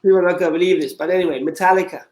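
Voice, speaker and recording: A man's voice: high voice, steady tone, very fast, darkish tone, rough recording. A man from Denmark with a Danish accent, a dance coach and judge being interviewed, giving short answers and turning reflective when he opens up. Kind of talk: casual interview.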